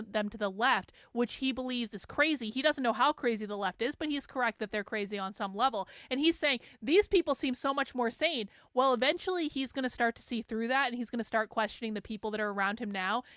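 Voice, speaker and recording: Higher-voiced woman host ranting, swearing a lot, dry close sound. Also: brisk, few pauses, a bit bright, no echo. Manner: emphatic, swearing, laughing asides. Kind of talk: profane political commentary.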